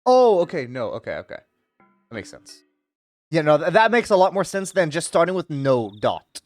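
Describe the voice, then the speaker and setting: Streamer, casual live-stream chatter with reading aloud; very bouncy pitch, rambling delivery. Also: no echo, faint music behind. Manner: animated and rambling, full of "like" and quick laughs.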